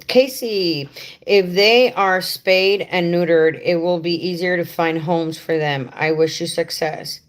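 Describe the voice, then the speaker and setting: A woman on a casual livestream, her voice sitting a little low and moving at an unhurried pace. She rambles chattily, speaks straight to her viewers and drops fond asides as she works through her topic. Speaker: livestream host helping home care workers. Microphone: head-mounted rig.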